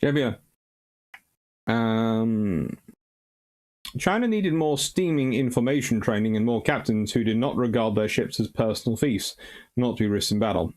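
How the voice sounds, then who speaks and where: A man's voice: medium pitch, a little slow, long pauses, a little mellow. A man hosting a live stream, reading out viewer comments and answering them in a casual, rambling way with frequent ums and uhs. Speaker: host answering viewer questions.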